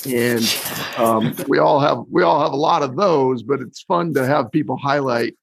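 Gravelly, husky male podcast host. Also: medium pitch, no room sound. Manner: loose, halting phrasing with fillers and restarts. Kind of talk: conversational interview.

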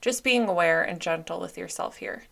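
A woman's voice: fairly low pitch, normal speed, vocal fry, fairly bright tone. A young adult woman hosting a self-help podcast, talking openly and earnestly with lots of fillers. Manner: open, earnest, filler-heavy. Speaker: podcast host.

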